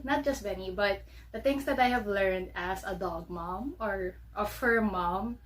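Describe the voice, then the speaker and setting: A woman's voice: mid-range voice, unhurried, a little hiss or hum. A woman with a Filipino accent hosting a casual solo podcast from her bedroom, chatty and bubbly with frequent laughter. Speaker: podcast host.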